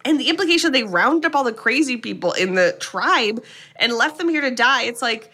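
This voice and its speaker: A woman co-hosting a podcast, recapping a horror movie in animated, sarcastic casual chat with some swearing. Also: a little high, brisk. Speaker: podcast co-host.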